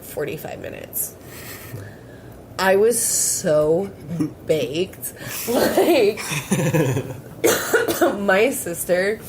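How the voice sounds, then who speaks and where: A woman's voice: on the low side, a little mellow, a little hiss or hum, low-quality recording. A young woman hosting a podcast, telling a rambling story in casual chat, swearing and giggling often. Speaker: podcast host.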